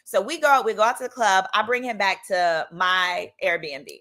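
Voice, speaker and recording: Bright, animated woman telling stories. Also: medium pitch, moderate pace. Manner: animated, playful, acts out quoted voices. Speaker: attorney and channel host. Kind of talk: casual comedic storytime.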